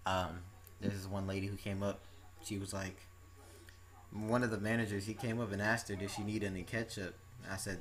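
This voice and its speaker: A man's voice: fairly low pitch, steady tone, brisk, bright, forceful tone, slight background noise. A young man hosting an interview, telling stories in a loose, rambling way with lots of restarts. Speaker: interview host. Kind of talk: casual chat.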